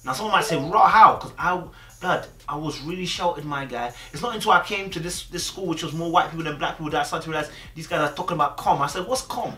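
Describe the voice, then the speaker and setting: A man's voice: a little high, quick pace, sharp tone, roomy sound. A young man talking casually to camera, chatty and streetwise, often checking in with "you understand?". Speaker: host.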